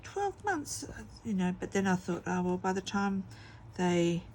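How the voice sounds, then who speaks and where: A woman's voice: lowish voice, flat delivery, moderate pace, a little mellow, a little hiss or hum. A middle-aged woman, chatting casually and telling rambling stories while she crafts at home. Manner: rambling storytelling with many fillers. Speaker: craft vlogger.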